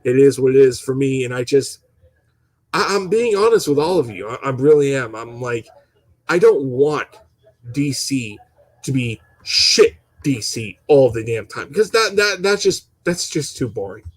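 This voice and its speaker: A man's voice: mid-range voice, animated, moderate pace, low-quality recording. A young man in a casual, passionate opinion rant as a gaming channel host, rambling with stuttering restarts and swearing.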